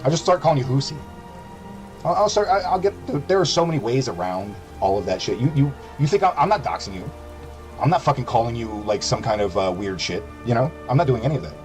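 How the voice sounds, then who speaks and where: A man's voice: mid-range voice, animated, quick pace, faint music behind, rough recording. A young adult male streamer delivering a sarcastic, profanity-heavy rant on his livestream.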